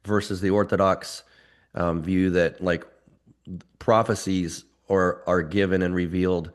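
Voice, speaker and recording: A man speaking as a guest in a relaxed conversation, telling stories thoughtfully. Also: low-pitched, measured pace. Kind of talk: casual conversation.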